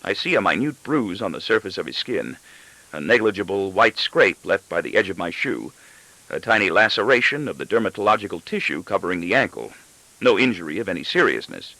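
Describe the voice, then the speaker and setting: A man narrating a novel aloud in the first person, with an expressive, brooding delivery. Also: deep voice, fairly quick, dry recording, poor audio. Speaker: audiobook narrator.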